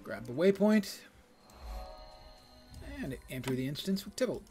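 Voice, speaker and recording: A man casually commenting on his game in a relaxed, self-deprecating way, reading game text aloud. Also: on the high side, a little slow, soft background music. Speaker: game streamer.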